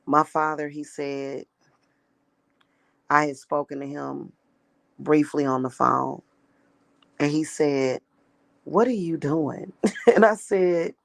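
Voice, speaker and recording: A woman's voice: low voice, fairly even intonation, slow, creaky, pauses often, no echo. A woman talking casually in a vlog monologue, rambling and repeating herself with emphatic restarts. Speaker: spiritual practitioner.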